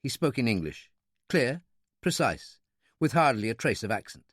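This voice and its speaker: A man narrating a wartime thriller audiobook with an expressive, dramatic reading. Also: medium pitch, moderate pace, no echo, studio quality. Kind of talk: scripted narration.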